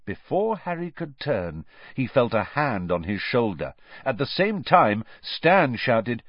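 A man narrating a story aloud in an expressive storytelling manner. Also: medium pitch, slow, dry recording. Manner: expressive storytelling with lively rises and falls. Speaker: audiobook narrator. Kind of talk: scripted narration. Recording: dull, dry studio recording.

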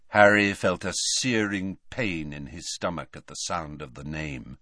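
A man narrating a story in an expressive storytelling manner. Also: sits low, unhurried, few pauses, no echo, clean studio sound. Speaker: audiobook narrator. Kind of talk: scripted narration.

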